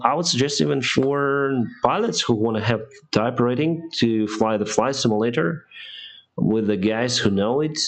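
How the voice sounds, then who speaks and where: A man, an airline pilot answering viewer questions on a live stream, speaking in halting, restarting English with frequent laughs. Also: fairly low pitch. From Ukraine.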